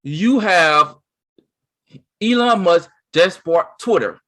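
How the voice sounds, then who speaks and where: Talkative man, higher-pitched, rambling. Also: slow pace. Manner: excited, rambling, with lots of restarts and "you see what I'm saying". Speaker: co-host. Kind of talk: casual chat.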